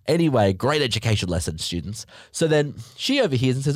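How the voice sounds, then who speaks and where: A man tells a comedic story with big swings in pitch, his voice leaping up whenever he acts outraged. He swears freely and comes across as animated. The recording is dry and close, with no room sound. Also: a little fast, hardly any pauses, dry recording.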